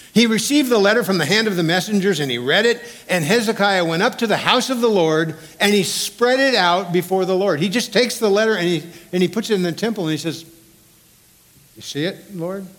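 A male pastor delivers a sermon in a church, his voice sitting a little higher than most men's. He reads scripture with rising, emphatic force and drops low for quieter stretches. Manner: expressive preaching, rising and loud when reading scripture aloud. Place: church sanctuary.

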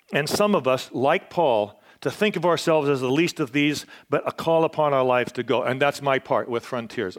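A man preaching a sermon as a missionary, earnest and given to restarts, dropping to a hush and rising loud. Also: a little high. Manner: earnest, swings from hushed to loud; restarts and repeats words.

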